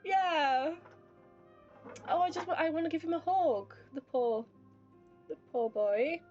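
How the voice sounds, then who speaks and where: High-voiced woman streamer reacting aloud. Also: slow pace, lo-fi sound, soft background music. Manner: expressive, reacting aloud, slips into baby talk with her pet. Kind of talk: live gameplay commentary.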